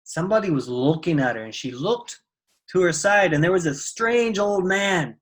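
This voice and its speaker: A storyteller telling a fable in a soft, unhurried way, with a mid-range voice. The telling stays casual and conversational, peppered with little fillers. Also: medium pitch, expressive, poor audio.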